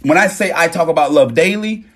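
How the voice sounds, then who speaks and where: A man hosting a casual live-stream talk on his phone, animated and profane, swinging between loud bursts and low murmurs. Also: a little fast.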